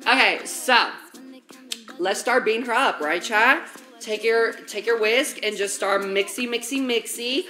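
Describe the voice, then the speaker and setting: A young woman talks her viewers through a recipe in a home kitchen, full of valley-girl slang and casual swearing. Her voice sits a little high and sounds bright and forward. Faint music plays in the background. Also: a little slow. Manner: valley-girl slang, profane, chatty, talks straight to chat. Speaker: streamer. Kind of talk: casual baking livestream chat.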